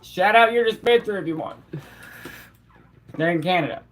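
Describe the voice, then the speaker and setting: Chatting with viewers during a live stream, this streamer keeps things loose and easygoing, sprinkling in slang and short bursts of laughter. The pitch stays in the middle range, and the whole delivery is relaxed and talkative.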